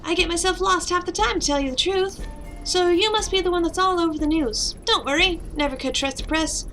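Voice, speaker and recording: A woman's voice: very high-pitched, fairly quick, sharp tone, voice pushed up, heavily acted. A woman voicing a friendly, talkative male police officer with a folksy drawl in a game, over background music. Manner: drawling, uses y'all.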